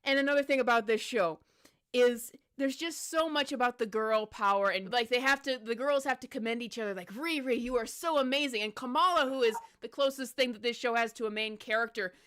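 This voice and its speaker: Female commentator, exasperated and sarcastic, crisp, bright tone. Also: on the high side, brisk. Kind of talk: casual opinion commentary.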